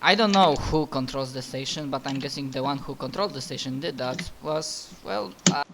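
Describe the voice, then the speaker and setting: A man speaking as a player in a tabletop role-play session, halting and restarting often. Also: mid-range voice, background noise. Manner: halting, many restarts and sighs.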